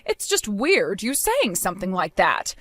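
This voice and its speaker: A woman voicing a patient young daughter-in-law who talks in a measured, pointedly questioning way. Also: mid-range voice, wildly swooping pitch, fairly bright tone, no room sound, exaggerated voice.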